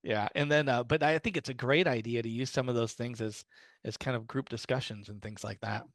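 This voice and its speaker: A man's voice: mid-range voice, a little fast, no room sound. Chatty man telling stories, dry sound. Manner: friendly storytelling with fillers and restarts. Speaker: guest speaker on low-vision resources. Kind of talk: casual talk to a small group.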